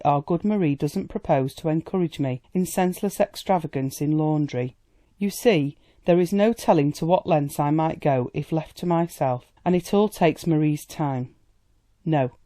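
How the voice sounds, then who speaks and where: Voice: mid-range voice, mellow, dry recording, close to an everyday voice. A reader voicing a gushing society lady. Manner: chatty and amused, affectionate. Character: worldly society woman, indulgent and gushing.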